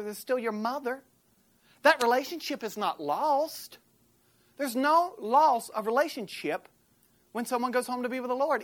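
An American woman delivers a sermon in a storytelling way, her voice sitting a little high. She acts out the people she quotes and swings between loud, animated bursts and hushed moments. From United States. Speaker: preacher.

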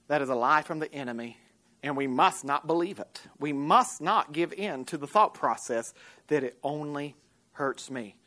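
An American woman preaching a sermon, telling a personal story with lively swings from loud to hushed and acting out the voices she quotes. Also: low-pitched, moderate pace. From United States.

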